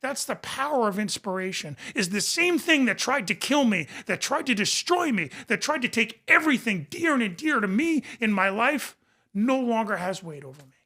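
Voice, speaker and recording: A man's voice: extremely high pitch, big pitch swings, moderate pace, pushed and bright. A man speaking as a podcast guest and recovery coach, in passionate conversation, emphatic and repeating phrases for emphasis.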